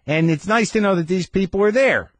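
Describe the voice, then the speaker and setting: Man, podcast host, comic storytelling monologue, anxious, rambling, sardonic, husky voice, dry close sound. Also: high voice, animated, a little fast, no echo.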